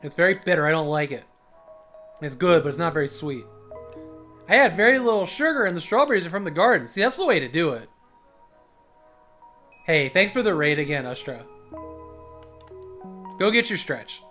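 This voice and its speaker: A man's voice: a little high, expressive, normal speed, long pauses, sharp tone, faint music behind. A man streaming a video game, joking around crudely and reading the on-screen dialogue aloud. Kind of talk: casual gameplay commentary.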